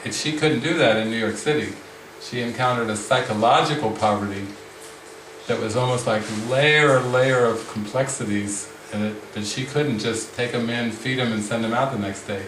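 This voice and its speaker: A man's voice: mid-range voice, fairly bright tone, a little hiss or hum. Reflective man teaching at a distance. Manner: slow, reflective, many restarts. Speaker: spiritual teacher. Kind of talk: retreat group discussion. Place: retreat room with a group. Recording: roomy sound from the mic's distance.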